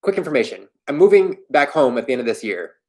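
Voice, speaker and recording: A man's voice: mid-range voice, big pitch swings, fast talker. A young man from Florida hosting a livestream, answering viewer questions in a candid, self-deprecating, rambling way. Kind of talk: casual livestream chat. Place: home in New York.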